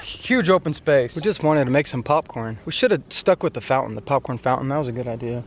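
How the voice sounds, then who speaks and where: A man hosting a casual outdoor vlog at a campsite bonfire, joking and exclaiming loudly. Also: medium pitch, fast, a little hiss or hum. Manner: excitable, joking, loud exclamations. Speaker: vlog host.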